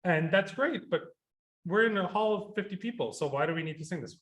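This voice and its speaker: A man, a composer, talking in a radio interview, rambling with many fillers and restarts and getting animated when he quotes himself. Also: high-pitched, fairly quick.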